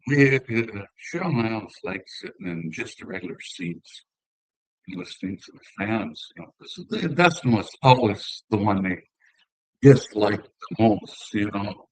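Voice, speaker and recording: An older man from northern Minnesota with an Upper Midwest accent, a former hockey player telling relaxed, rambling stories in an interview. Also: lowish voice, unhurried, no echo, low-quality recording. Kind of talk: casual conversational storytelling.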